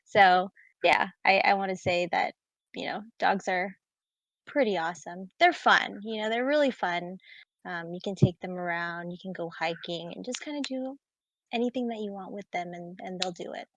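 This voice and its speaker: A woman guest in a casual podcast chat, talking in a relaxed, rambling way with many fillers. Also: medium pitch, normal speed, no echo. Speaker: guest, dog sitter.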